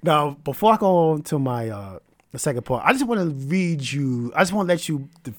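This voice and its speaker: Animated male podcast host, lively pitch. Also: fairly quick, no room sound, studio quality. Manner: animated, preachy storyteller. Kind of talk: casual podcast storytelling.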